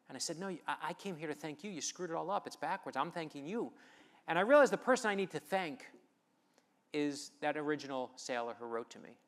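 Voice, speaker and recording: A middle-aged man giving an inspirational storytelling speech at a festival, emphatic and animated as he acts out conversations. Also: mid-range voice, gravelly. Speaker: author giving a festival talk. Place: festival stage before an audience.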